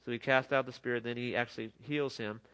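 A man's voice: mid-range voice, steady tone, quick pace, a bit bright, smooth. A middle-aged man preaching a sermon in an earnest, conversational way, often restarting his sentences. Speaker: pastor.

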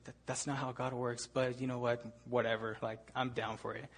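A man's voice: mid-range voice, flat delivery, fairly quick, slightly rough, lightly acted. A young man voicing an easygoing, believing male castaway in his story, laid-back and shrugging.

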